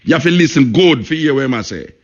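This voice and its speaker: A man's voice: mid-range voice, animated, fast, husky, lo-fi sound. A man with a Jamaican accent hosting a radio talk show, speaking emphatically, repeating points and saying "you know" often.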